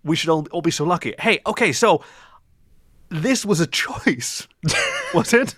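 A man's voice: a little high, animated, a little slow, a bit bright, no room sound, clean studio sound. A man co-hosting a comedy podcast, chatting in a wry, theatrical way. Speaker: podcast co-host. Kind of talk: casual chat.

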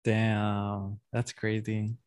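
A man's voice: on the low side, completely flat delivery, drawn-out words, darkish tone, no echo, clean studio sound. A man co-hosting a podcast in casual chat, teasing his friend and laughing often. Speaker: podcast co-host.

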